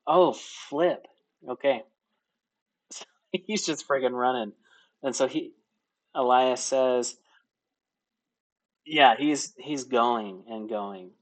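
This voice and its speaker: A man's voice: mid-range voice, takes it slowly, pauses often. A young man narrating as game master in casual, laugh-filled speech with many fillers.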